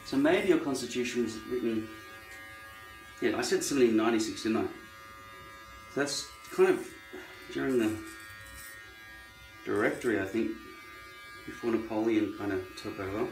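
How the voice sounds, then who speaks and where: A man's voice: medium pitch, normal speed, pauses often, soft background music. Rambling, profane Australian man. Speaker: vlogger. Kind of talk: rambling monologue. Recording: echoey room, far from mic.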